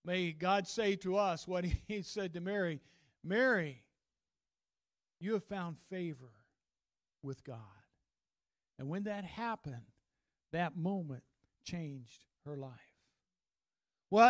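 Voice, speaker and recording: A man preaches to his church in a folksy, animated way, breaking into stories and asides. His voice sits high for a man. The sound is dry and close, with little room echo. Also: a little slow. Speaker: pastor. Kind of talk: sermon.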